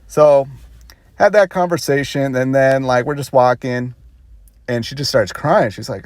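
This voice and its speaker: A man's voice: mid-range voice, a little slow, no echo. A man vlogger telling a rambling story casually, with self-conscious laughs.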